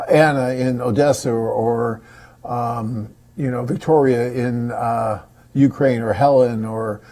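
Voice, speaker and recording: Husky-voiced man hosting a live Q&A. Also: medium pitch, warm tone. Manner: chatty, upbeat and reassuring, with many "you know" fillers. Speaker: host of a live webcast answering viewer questions. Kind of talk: casual live Q&A.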